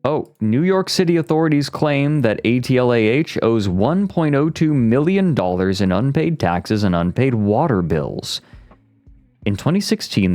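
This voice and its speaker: A male streamer chatting casually, joking, reacting out loud and reading aloud from a web page. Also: on the low side. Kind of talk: casual livestream chat. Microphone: streaming mic.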